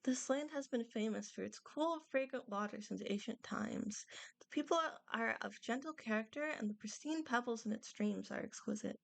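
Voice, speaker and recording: A woman's voice: on the high side, moderate pace, gravelly, no echo. A woman reading a courteous, stately adeptus lady. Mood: gentle formal. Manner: stately, courteous, slightly archaic phrasing read aloud. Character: serene, formal female adeptus spirit of the vale. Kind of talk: reading game dialogue aloud while playing.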